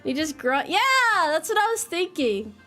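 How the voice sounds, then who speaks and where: High-pitched giggly streamer woman. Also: sing-song, normal speed, fairly bright tone, faint music behind. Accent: American. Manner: giggly, self-mocking, reads chat aloud. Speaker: livestreamer. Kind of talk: casual chat with viewers.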